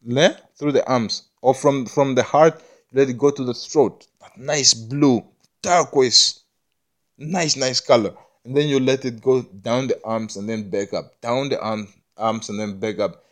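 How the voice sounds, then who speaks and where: A man with a mid-pitched voice talks through a loose, preachy spiritual monologue. He stumbles over repeated words, swears casually and keeps checking "you understand me?" as he builds himself up. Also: a little slow. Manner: self-affirming, preachy, often asks "you understand me?".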